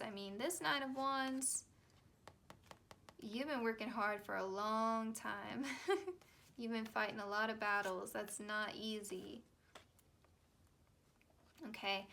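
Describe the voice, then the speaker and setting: A woman's voice: on the high side, bright, forceful tone, a little hiss or hum. A young woman giving a casual, chatty tarot reading, reassuring her viewers with plenty of fillers. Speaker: tarot reader.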